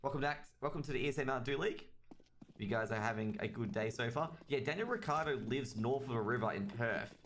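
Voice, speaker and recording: A man's voice: medium pitch, a little fast, fairly bright tone, slight background noise. Chatty Australian man casting a game. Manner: rambling, chatty, talks straight to chat. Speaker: esports caster. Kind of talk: solo livestream game commentary.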